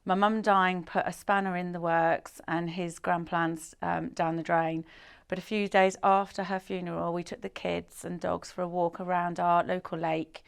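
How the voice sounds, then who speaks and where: A woman's voice: fairly low pitch, flat delivery, moderate pace, gravelly, clear, resonant tone. Woman co-hosting, chatty and giggly, keeps laughing through her stories. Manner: giggly storyteller, laughs mid-story. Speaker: co-host. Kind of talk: casual chat.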